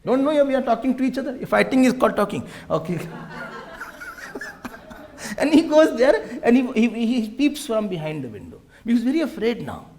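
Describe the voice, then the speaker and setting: Animated man giving a spiritual discourse. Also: very high-pitched, normal speed. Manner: animated, humorous, acts out family quarrels, mixes in Hindi. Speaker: swami giving a scripture talk.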